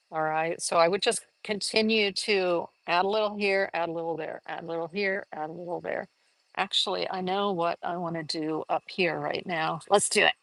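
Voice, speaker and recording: A woman's voice: on the low side, creaky, no room sound. A woman giving a live art lesson, chatting enthusiastically and thinking aloud as she works on a collage. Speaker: art teacher.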